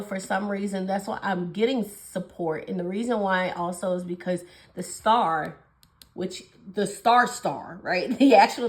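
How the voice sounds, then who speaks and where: Young woman reading tarot, talks fast n gushy, calls u honey, echoey room. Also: medium pitch. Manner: fast, gushing and affectionate, calls viewers babies and honey. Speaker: tarot reader. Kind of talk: casual tarot reading to camera.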